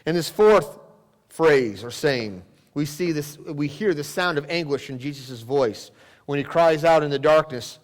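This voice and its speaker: A male pastor preaching a sermon, swinging from loud exclamations down to hushed, near-whispered lines. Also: on the high side, expressive, unhurried. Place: church sanctuary. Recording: long church hall reverb.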